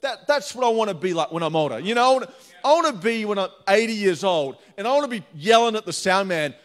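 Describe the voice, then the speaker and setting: A middle-aged man from Australia preaching a sermon, energetic and chatty, telling stories with laughs. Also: sits high, fast. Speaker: pastor.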